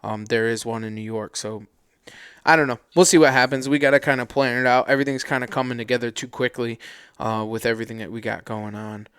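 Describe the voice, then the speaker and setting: A man co-hosting a podcast, telling stories in casual, slangy chat with loose, animated energy. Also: mid-range voice, fast talker, clean tone, no room sound, clean studio sound. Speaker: podcast co-host.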